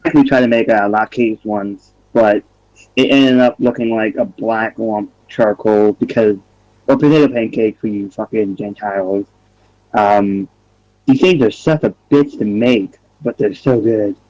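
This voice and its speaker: A man's voice: fairly low pitch, a little slow, mellow. A man chatting in an online hangout, blunt and profane, with lots of filler words. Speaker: hangout guest. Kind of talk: casual online hangout chat. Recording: dull, dry lo-fi mic.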